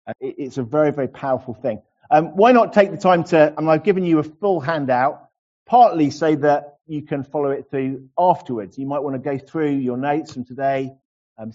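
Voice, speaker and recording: A middle-aged man preaching a sermon earnestly, slowing down to linger over key phrases. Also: mid-range voice, warm tone, dull audio. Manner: earnest, slows to savor phrases.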